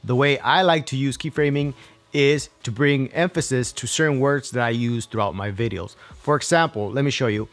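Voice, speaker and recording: A young man hosting a software tutorial in an upbeat, casual way, with fillers and restarts. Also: medium pitch, a little fast, no echo, soft background music. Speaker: video tutorial host.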